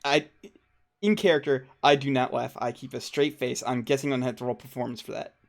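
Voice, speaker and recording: A man's voice: mid-range voice, steady tone, a little fast. A man playing a tabletop game, talking hesitantly with lots of fillers and laughing easily. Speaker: player. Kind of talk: casual tabletop chat.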